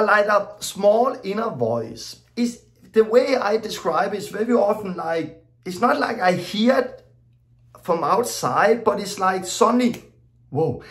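Man, preacher, middle-aged, informal teaching, non-native english, storytelling, roomy echo. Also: high voice. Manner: storytelling, acting out his own exclamations; plain, loosely worded non-native English. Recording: echoey room.

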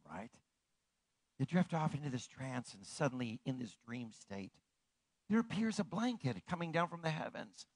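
A man pastor delivering a sermon in an animated way, swinging from hushed, slow passages to ringing declarations. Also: medium pitch, no echo, rough recording.

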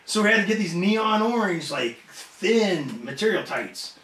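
This wrestler, sitting in for an interview, recounts a story in a relaxed way, cursing freely and doing voices for the people involved. His pitch sits high and his pace is measured, while the room echoes and he's a bit away from the mic.

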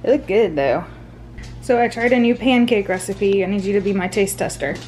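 A woman's voice: mid-range voice, moderate pace, darkish tone, a little hiss or hum. A woman chatting casually in a home vlog, often laughing and speaking sing-song to her children, recorded on a handheld camera. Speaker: family vlogger and mother. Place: family home indoors.

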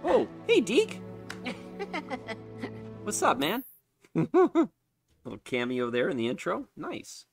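Animated chatty man streaming games. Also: sits high, extremely slow, pauses often, soft background music. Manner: chatty, laughs often, self-mocking. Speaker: game streamer. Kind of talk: casual live-stream chat. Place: unfinished home basement.

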